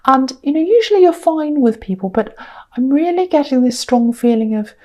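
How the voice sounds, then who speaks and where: A woman reads tarot cards aloud for her viewer in a slightly high, warm, mellow voice. She talks emphatically, repeats words for stress, fills pauses with ums and now and then drops into a whisper. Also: big pitch swings. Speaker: tarot reader. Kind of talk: tarot reading addressed to the viewer.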